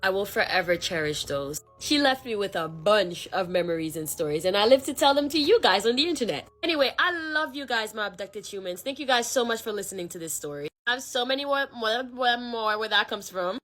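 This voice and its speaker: A woman's voice: medium pitch, expressive, fairly quick, hardly any pauses, a bit bright. A woman telling a spooky story in casual, conversational second person, with slang and fillers. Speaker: storyteller vlogger.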